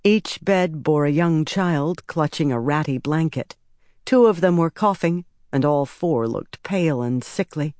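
An audiobook narrator reads a script slowly in a low voice with lively intonation and a slightly mellow quality. The studio sound is clean, with no room sound.

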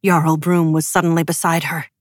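A woman's voice: low voice, little pitch movement, moderate pace, dry recording, clean studio sound. A woman narrating an audiobook with emotive, dramatic delivery. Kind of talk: scripted narration.

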